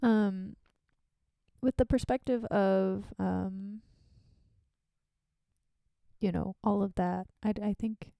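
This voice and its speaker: A woman's voice: mid-range voice, fairly even intonation, takes it slowly, vocal fry, pauses often, mellow, clean tone, dry recording. A young woman who is sick, rambling chattily with giggly asides while streaming a casual reading. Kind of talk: casual live-stream reading with side commentary.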